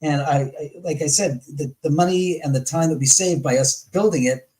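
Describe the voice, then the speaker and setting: A man guest on a live talk show, telling a story in a lively way, acting out his past arguments and swearing freely. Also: on the high side, moderate pace, poor audio. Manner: animated, acts out his own past arguments.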